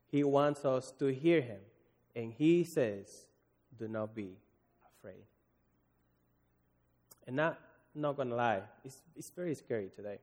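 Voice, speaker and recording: A man gives a sermon in an echoing hall, his voice sitting in a middle pitch. He talks in an earnest, pleading way, often stopping and restarting his phrases. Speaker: preacher. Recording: long hall reverb.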